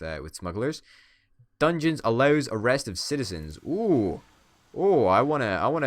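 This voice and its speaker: Joking gamer, low dry voice. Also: male voice, dry recording. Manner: playful, swearing, mock-dictator bluster. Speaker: gaming YouTuber. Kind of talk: casual let's-play commentary.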